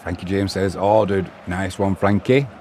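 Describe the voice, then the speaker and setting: A middle-aged Englishman with a deep, darkish voice hosts a live match stream, delivering his chat flatly at normal speed. He banters with viewers, reads their messages aloud and comments on the game, with a little hiss or hum in the background.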